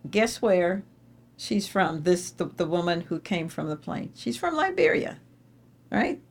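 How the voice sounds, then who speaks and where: A middle-aged woman giving an inspirational faith talk to a live audience, telling stories with animated, emphatic repetition. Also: lowish voice, measured pace. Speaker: speaker addressing an audience.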